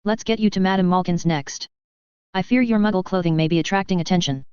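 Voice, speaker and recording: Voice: mid-range voice, quick pace, darkish tone, clean tone, dry recording, close to an everyday voice. A narrator voicing a strict, precise older woman professor in an audiobook reading. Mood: stern. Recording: dry, slightly dull audio.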